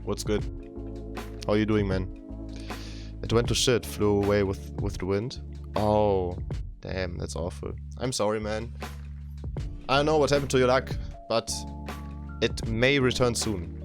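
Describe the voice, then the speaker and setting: Low-voiced laid-back male streamer. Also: a little slow, long pauses, over music. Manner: keeps voice down, chill and chatty. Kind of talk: casual live-stream chat.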